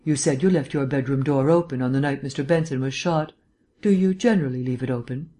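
A reader voicing a suave gentleman detective. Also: mid-range voice, a little fast, close to an everyday voice. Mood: probing. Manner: lecturing, polished and lightly teasing. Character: urbane, erudite male gentleman detective. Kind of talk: audiobook reading.

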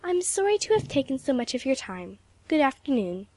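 A woman's voice: high voice, very animated, normal speed, a little hiss or hum, voice pushed up. A woman doing a proud, prickly teenage girl. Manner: haughty, breaks into flustered stammering.

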